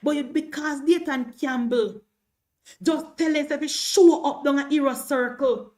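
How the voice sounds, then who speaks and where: A woman's voice: sits high, measured pace, a little mellow. A Jamaican woman in her thirties giving impassioned political commentary on a livestream, slipping into patois as she talks. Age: 30s. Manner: impassioned, mixes patois into speech.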